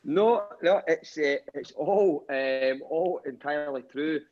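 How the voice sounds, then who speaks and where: A man's voice: a little high, takes it slowly, a little mellow. A Scottish man with a Glaswegian accent telling a story as a caller, with wry self-mockery and a fair bit of swearing. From Scotland. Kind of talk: casual storytelling. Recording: dull lo-fi call line.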